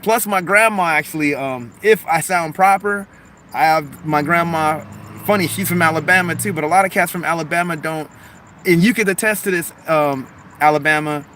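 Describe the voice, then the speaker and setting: Bright-voiced man with a Long Beach accent. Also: a little high, moderate pace, a little hiss or hum. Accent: Long Beach, Los Angeles mix. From Los Angeles harbor area, USA. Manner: rambling, animated, frequent "like" and "man", chuckles. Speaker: live streamer, musician. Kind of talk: casual live-stream chat, reading comments aloud.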